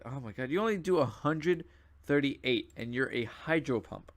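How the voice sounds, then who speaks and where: A young man with a mid-range voice hosts his channel, casually commenting on his own gameplay while sleepy and yawning. He rambles, packing in fillers and asides.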